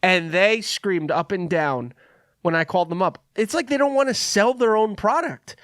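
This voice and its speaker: A man's voice: high voice, lively intonation, normal speed, fairly bright tone, no echo, studio quality. A young man co-hosting a podcast, joking in a laid-back, casual chat. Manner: laid-back, joking, calls people "dude". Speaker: podcast co-host.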